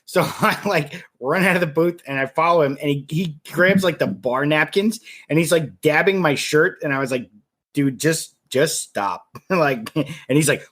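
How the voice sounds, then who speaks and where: A man co-hosting a podcast, telling animated, profane stories and laughing often. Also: fairly high pitch, moderate pace. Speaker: podcast co-host. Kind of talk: casual chat.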